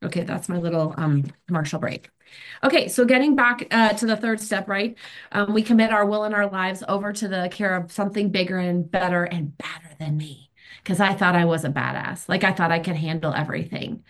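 A woman's voice: lowish voice, brisk. A woman, sharing her recovery story at a meeting in a candid, emphatic, chatty way. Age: 50s. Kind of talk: personal recovery share.

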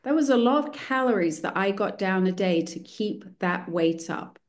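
A woman's voice: mid-range voice, animated, moderate pace. A woman telling her own recovery story at a meeting, candid and self-mocking with dry humor. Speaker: speaker sharing a recovery story. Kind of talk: personal testimony at a recovery meeting.

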